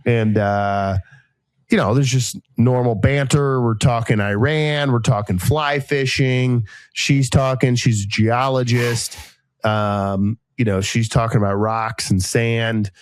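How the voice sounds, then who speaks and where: A man in his thirties hosting a podcast, telling a long casual story and acting out each quoted voice with sudden jumps in pitch. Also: steady tone, slow pace, clean tone, no echo. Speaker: podcast host.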